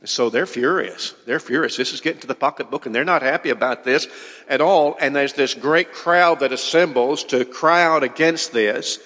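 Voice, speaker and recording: A man's voice: fairly high pitch, fairly bright tone, big-room sound. A man preaching a teaching sermon, explaining in a conversational way and putting questions to his congregation. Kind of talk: sermon lecture.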